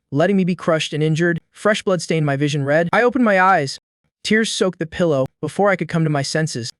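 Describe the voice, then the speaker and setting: A man narrating a first-person audio story recap in a calm, measured way, close to the mic. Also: fairly high pitch, clear, resonant tone, dry recording.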